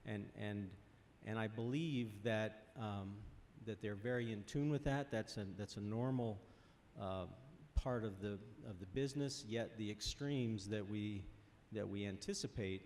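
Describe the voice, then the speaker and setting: A man speaking on a workshop panel, out of breath and halting, with many restarts. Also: on the low side, a little mellow, a little hiss or hum. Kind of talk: panel discussion.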